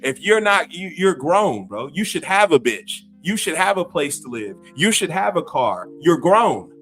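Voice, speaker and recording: Guy in his 50s going off on a profane rant, kinda high voice, faint music behind. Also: sing-song, unhurried, fairly bright tone. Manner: profane, mocking, laughing scornfully. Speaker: gaming YouTuber. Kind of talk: heated rant to camera.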